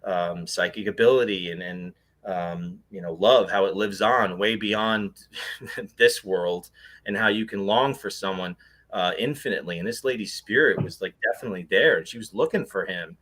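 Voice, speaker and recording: Speaking at a moderate pace in a low, slightly bright voice, a man who investigates the paranormal tells an interview show about something he went through. He's earnest but rambling, with plenty of fillers and false starts.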